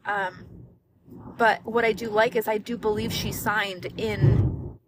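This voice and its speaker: A young woman co-hosting a podcast in casual chat, talking fast with lots of likes and swearing, with hiccups. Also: medium pitch, steady tone, background noise. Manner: chatty, swears freely, many likes and restarts. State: has the hiccups. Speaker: podcast co-host.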